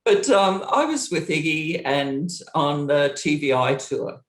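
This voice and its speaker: A woman's voice: unhurried, reverberant. A middle-aged woman, a former touring roadie, telling a story in an interview, acting out the dialogue and laughing as she goes. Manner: lively, acts out quoted dialogue with big pitch jumps.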